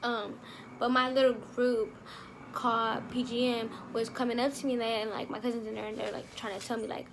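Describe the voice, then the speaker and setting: A young woman telling a storytime vlog in a lively, slangy way, acting out scenes with sound effects. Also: on the high side, moderate pace, creaky, a little hiss or hum. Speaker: vlogger.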